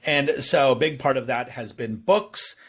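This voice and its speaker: A man hosting a podcast interview, talking in a relaxed way with many ums and you-knows. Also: medium pitch, unhurried, slightly rough. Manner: relaxed, uses many fillers like um and you know. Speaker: podcast host.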